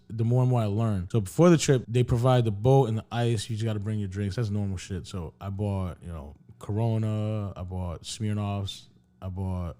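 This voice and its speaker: A man talks quickly in a loose, casual podcast chat, rambling through a story and playing out both sides of each conversation. His voice sits a little low and has a dark, mellow tone. He swears freely as he goes. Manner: rambling storyteller, heavy swearing, acts out dialogue. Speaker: podcast co-host telling a travel story.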